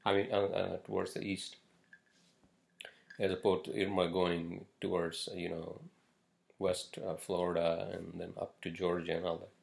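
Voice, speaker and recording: Podcast host, male, low gravelly voice, blunt and profane, rambling delivery. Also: little pitch movement, a little slow, darkish tone. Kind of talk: casual solo podcast rant.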